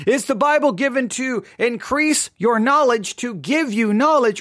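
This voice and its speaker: High-voiced man giving a Bible teaching. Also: fairly bright tone, no room sound, studio quality. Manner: deliberate, repeats key phrases, frequent restarts. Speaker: host of a daily Bible-teaching show. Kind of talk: solo Bible teaching talk.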